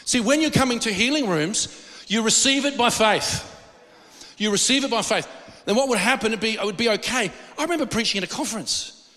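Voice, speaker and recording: A man's voice: sits high, fairly quick, in a large hall. A man preaching a sermon, telling stories animatedly and acting out the voices in them. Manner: animated storytelling with acted-out quotes and laughs. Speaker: pastor.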